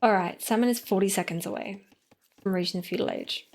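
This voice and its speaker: A woman's voice: mid-range voice, fairly quick, a little mellow. A woman casting a strategy game live on stream, playful and teasing, with frequent giggles.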